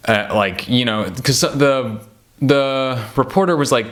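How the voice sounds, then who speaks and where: Guy riffing on basketball, rambly and animated, gets fired up, lots of ums and likes. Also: medium pitch, slow. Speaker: podcast host ranking basketball players. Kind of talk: casual chat.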